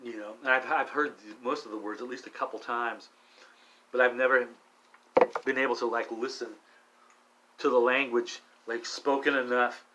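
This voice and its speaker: A middle-aged man vlogging alone while high, rambling with many restarts and frequent swearing. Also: fairly even intonation, normal speed, long pauses, sharp tone, highs cut off, a little hiss or hum. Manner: meandering, profane, restless restarts. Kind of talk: rambling solo monologue.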